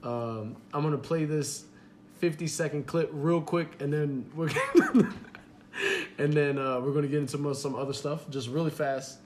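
A man's voice: a little high, lively intonation, normal speed, a little mellow, a little hiss or hum. Rambling young man, casual podcast host. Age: young adult. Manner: rambling, lots of fillers, laughs easily. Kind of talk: casual chat.

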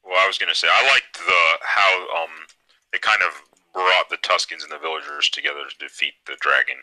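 A man's voice: low voice, brisk, bright, forceful tone, rough recording. A young man hosting a casual podcast chat, enthusiastic and upbeat, steering the talk.

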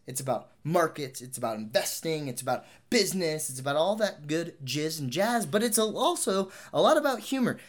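A young man hosting a podcast, signing off and giving a disclaimer in a profane, joking, rambling way. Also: a little high. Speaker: podcast host. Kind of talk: casual podcast outro and disclaimer.

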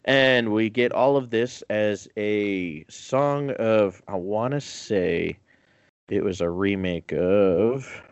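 A man's voice: fairly low pitch, takes it slowly, music in the background. A man casually recapping a film with crude jokes, laughing often and acting out the characters' lines. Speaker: podcast host recapping a film. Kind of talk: casual comedic movie recap.

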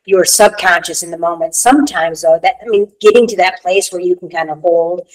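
A woman's voice: lowish voice, brisk, rough recording. A woman co-hosting a casual spiritual talk show, talking in a reflective way with many "you know" fillers. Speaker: podcast co-host.

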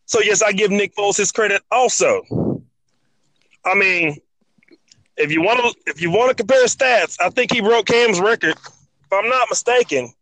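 Sports pod guy making his case, voice sits high, dry room. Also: moderate pace, pauses often, a bit bright, no room sound, rough recording. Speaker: podcast co-host. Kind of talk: sports debate.

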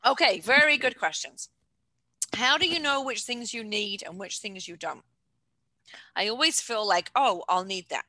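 A middle-aged woman coaching an online class on home organizing, giving brisk, practical instructions and answering questions, with some throat clearing. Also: on the high side, animated, sharp tone, no echo, rough recording. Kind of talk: informal online lecture with questions.

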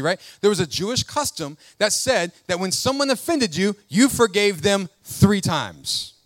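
A man's voice: high voice, no room sound, clean studio sound. A man preaching a sermon as pastor, reading scripture aloud and calling out to his congregation. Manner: animated preaching with call-outs to the congregation; reads scripture aloud and comments between verses.

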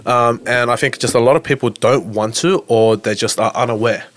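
A man's voice: medium pitch, steady tone, moderate pace. A young man with an Australian western-Sydney accent, a podcast guest talking bluntly and swearing freely as he makes his points. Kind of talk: candid podcast conversation.

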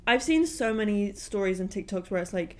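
A woman co-hosting a podcast in casual chat, blunt and animated, swearing freely. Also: medium pitch, brisk. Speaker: podcast co-host.

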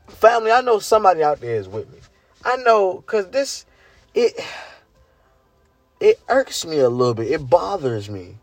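A man, ranting casually and incredulously to his viewers, swearing and climbing high in pitch when worked up. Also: darkish tone, no echo. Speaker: vlogger. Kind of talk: casual rant to camera.

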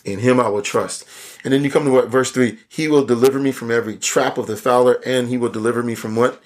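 Animated, chatty young male preacher. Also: medium pitch, quick pace. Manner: conversational, animated, self-interrupting with asides. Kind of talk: casual sermon.

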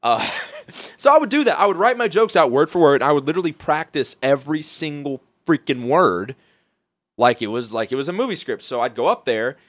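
A man's voice: a little high, very animated, a little fast, fairly bright tone, no echo. Profane rambling young man comic. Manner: profane, rambling storytelling with frequent restarts and laughs. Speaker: stand-up comedian, podcast guest. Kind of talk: casual chat. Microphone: studio microphone.

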